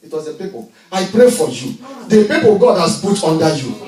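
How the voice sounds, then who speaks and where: Male pastor, high lively voice, preaching from hushed to shouting, echoey church heard from afar. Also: a little fast, soft background music. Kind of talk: sermon. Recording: echoey church, miked from a distance.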